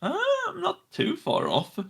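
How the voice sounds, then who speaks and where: Laid-back man with a gravelly voice. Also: very high voice, wildly swooping pitch, unhurried, a bit bright. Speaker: tabletop game player. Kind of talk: casual game chat.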